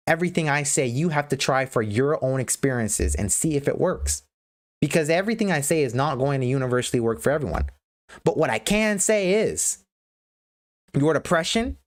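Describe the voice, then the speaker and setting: A woman livestream host giving a blunt, profane motivational rant. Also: low-pitched.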